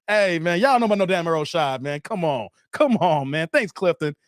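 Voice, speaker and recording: A man's voice: on the high side, lively intonation, moderate pace, no room sound, clean studio sound. A middle-aged man hosting a livestream, reading chat comments and joking loosely with viewers.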